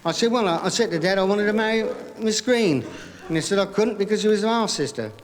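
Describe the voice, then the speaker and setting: A man doing stand-up comedy, telling joke after joke in a brisk patter full of "he said", recorded live on stage. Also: sits high, lively intonation. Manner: rapid gag patter with repeated "he said". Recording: live vinyl recording in a hall with audience laughter.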